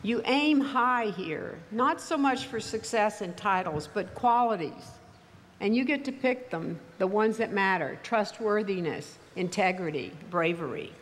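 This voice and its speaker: An older woman with a mild Texas accent, giving a commencement speech in a measured, wry storytelling manner. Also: mid-range voice, lively intonation, a little hiss or hum. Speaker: commencement speaker. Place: large ceremony venue. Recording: reverberant hall, faint ambience.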